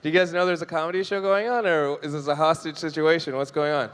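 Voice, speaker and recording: A young Canadian man performs stand-up on a club stage with a handheld mic, joking with the audience and acting out quoted voices. His voice is on the high side, bright, clear and resonant, with a steady tone and fast delivery, and the live room has long reverb.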